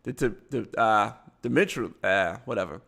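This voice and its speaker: Gravelly man with a Baltimore accent. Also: fairly low pitch, animated, normal speed, fairly bright tone. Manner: reads articles aloud, stumbling over words and adding blunt asides. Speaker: live show host. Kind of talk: casual live commentary reading news aloud.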